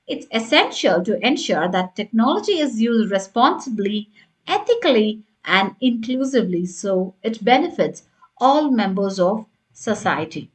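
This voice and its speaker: Slightly high-voiced woman tutor. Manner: instructive, checks in with "right?" and "got it?". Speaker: English test tutor. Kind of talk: online lesson.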